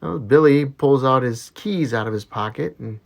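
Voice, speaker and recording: A man's voice: medium pitch, normal speed, vocal fry. A man telling jokes, who chuckles at his own punchlines. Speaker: joke teller.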